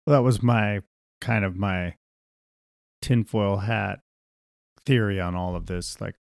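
A man's voice: fairly low pitch, fairly even intonation, takes it slowly, gravelly, no echo, studio quality. Filler-heavy male podcast co-host. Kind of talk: casual conversation.

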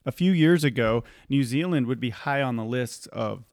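A man's voice: mid-range voice, moderate pace, a little mellow, no room sound. Dry-sounding male podcast host. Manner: rambling, with frequent restarts and asides. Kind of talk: casual chat. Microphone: studio microphone.

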